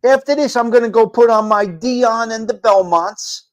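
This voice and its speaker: A man's voice: very high-pitched, moderate pace. A man with a New York accent hosting a live talk show, rambling and repeating himself with some swearing. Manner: rambling and repetitive, profane. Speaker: host.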